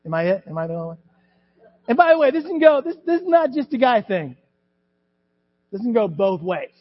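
A middle-aged man preaches from the pulpit in a high voice that leaps up and down with animation. He acts out the voices in the scripture story as he goes. The recording is dull and muffled, with long reverb from the church sanctuary. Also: big pitch swings, fairly quick, slightly rough. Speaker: pastor. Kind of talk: sermon.

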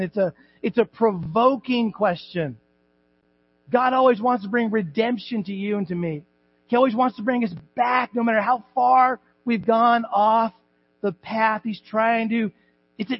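A male pastor preaching a sermon in a church, animated and joking, acting out voices and shouting at times. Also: high-pitched, muffled recording. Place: church sanctuary.

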